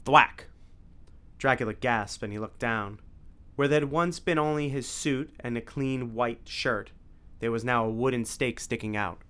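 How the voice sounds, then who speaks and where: A man narrating an adventure story in an audiobook style. His voice sits at a middling pitch, and he tells the story clearly and steadily. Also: measured pace, fairly bright tone.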